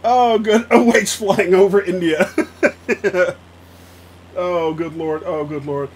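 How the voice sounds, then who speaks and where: Young male streamer, high voice, slow unhurried talk, keeps breaking into laughter while reading chat. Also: fairly even intonation, a little mellow, slightly rough. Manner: laughs often, reacts to chat. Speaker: flight sim streamer. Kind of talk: casual live-stream chat.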